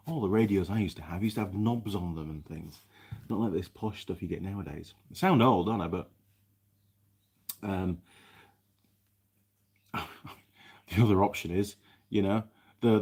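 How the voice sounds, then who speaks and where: Reading viewer comments during a laid-back live stream from his workshop, this mechanic rambles and keeps restarting. He has a husky, darkish voice on the low side.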